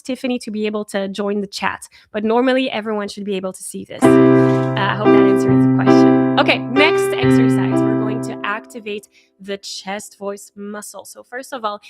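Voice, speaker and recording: A woman leading a live-streamed singing warm-up as a vocal coach, encouraging and upbeat, praising her viewers often. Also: mid-range voice, dry recording, clean studio sound. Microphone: in front of her own camera.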